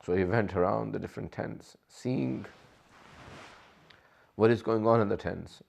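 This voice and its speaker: Gravelly-voiced man preaching a sermon. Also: fairly low pitch, a little slow, a little mellow. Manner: impassioned storytelling, voice rising and straining when quoting. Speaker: speaker. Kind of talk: emotional religious sermon narration.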